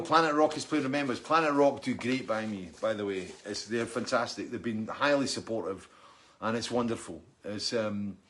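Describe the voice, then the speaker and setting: A middle-aged man of ordinary pitch rambles through a casual livestream, reading out viewer comments. He talks in loose, chatty bursts and often stops to restart a sentence. Laughs break into his speech now and then. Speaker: musician hosting a weekly livestream.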